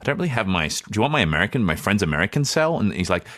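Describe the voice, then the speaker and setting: A man's voice: low-pitched, animated, racing, few pauses, fairly bright tone. A young Australian man, a podcast co-host, telling a rambling anecdote in a casual way, correcting himself and acting out the quoted dialogue.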